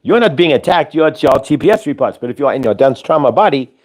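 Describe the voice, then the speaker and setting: A show host with a fairly high, expressive, slightly mellow voice talks fast while delivering a channeled spiritual teaching. Speaking as a collective "we," he is instructive and repetitive, circling back to his points.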